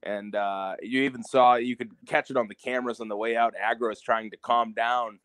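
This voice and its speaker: A man speaks at a middle pitch in an easy, conversational way, thinking aloud as he goes. His voice is close to the mic and dry, with no echo. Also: fairly even intonation, brisk, fairly bright tone. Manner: conversational, reflective, some fillers. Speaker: podcast co-host, wrestling promoter. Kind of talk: casual wrestling podcast chat.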